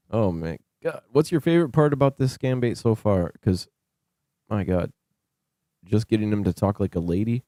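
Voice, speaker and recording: A man's voice: on the low side, animated, normal speed, mellow, dry recording, clean studio sound. A man hosting a scam-baiting livestream, chatting casually and rambling while he thanks viewers for gifted subs.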